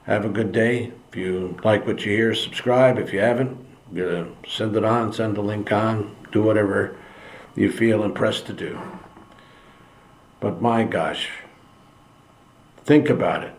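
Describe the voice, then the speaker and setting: Slow, preachy man in an echoey room. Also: lowish voice, a little hiss or hum. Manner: earnest, preachy, repeats phrases for emphasis. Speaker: political commentary channel host. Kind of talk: monologue opinion commentary.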